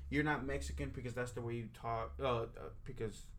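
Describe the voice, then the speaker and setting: A man's voice: mid-range voice, fairly even intonation, fairly quick, a bit bright. A man hosting a podcast in casual chat, emphatic, swearing and often asking for agreement. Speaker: podcast host.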